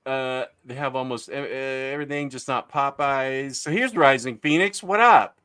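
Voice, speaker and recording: A man's voice: medium pitch, moderate pace, pushed and bright. A man hosting a casual livestream, rambling and reading chat comments aloud with lots of filler. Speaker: livestream host.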